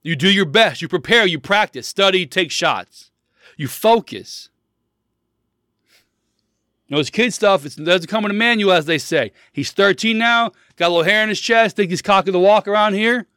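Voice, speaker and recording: A man in his thirties hosting a solo podcast with a fairly high voice. He talks bluntly and preaches, repeating short commands for emphasis. The sound is close and dry, with no room around it. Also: normal speed, sharp tone, dry recording. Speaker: podcast host. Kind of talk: casual solo podcast monologue.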